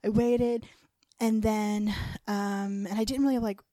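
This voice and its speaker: A woman's voice: medium pitch, steady tone, measured pace, warm tone, no echo, studio quality. A young woman co-hosting a podcast, telling a story in a chatty, rambling way, full of fillers and little laughs. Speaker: podcast co-host. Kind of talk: casual storytelling chat.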